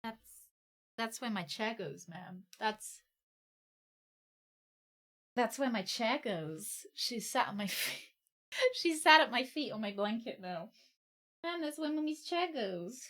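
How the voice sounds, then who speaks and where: A woman's voice: on the high side, expressive, takes it slowly, long pauses, a bit bright. A woman streaming live, chatting casually, cooing at her dog in baby talk and giggling as she thanks her viewers.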